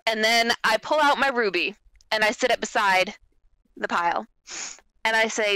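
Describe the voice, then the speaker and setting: A woman playing a tabletop game, bargaining in character with slow deliberate offers. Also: a little high, pushed and bright, clean tone, no room sound, rough recording. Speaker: player.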